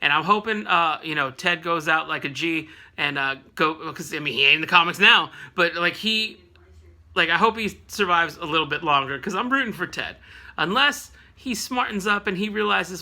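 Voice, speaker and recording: A man with a high, very bright voice talks through a comic issue in a loose, rambling way. He keeps breaking off into jokes and side comments to his viewers. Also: lively intonation, moderate pace. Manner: rambling, joking asides, frequent laughs. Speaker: comic book recap host. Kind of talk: casual comedic comic recap.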